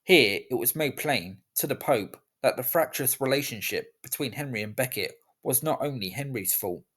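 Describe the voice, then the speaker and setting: A man giving scripted history narration in a measured, even storytelling delivery. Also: mid-range voice, husky.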